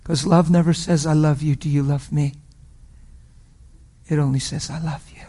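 A middle-aged man preaching a sermon with a somewhat high-pitched voice. He tells his story with strong emotion, rising loud and then dropping to a hush. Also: steady tone, moderate pace. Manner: emotional storytelling, shifts from loud to hushed whispers. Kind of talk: sermon testimony.

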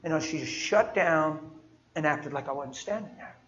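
A male preacher with a slightly raised pitch delivers an emphatic sermon full of personal stories. He moves between hushed, gentle stretches and loud, driving declarations. The recording is dull and lo-fi. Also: normal speed. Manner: emphatic, swings from soft to loud.

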